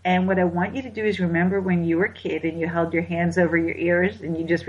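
A low, husky woman's voice, dulled by a lo-fi recording. She gives holiday lifestyle advice with emphasis and repeats her main points so they stick. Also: flat delivery, fast talker, few pauses. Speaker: wellness host. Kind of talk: motivational holiday advice talk. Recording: dull lo-fi recording.

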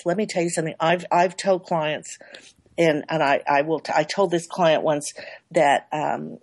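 A woman's voice: on the low side, steady tone, moderate pace, no echo. A middle-aged woman publicist being interviewed, talking in rambling loops that repeat and restart. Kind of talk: interview guest.

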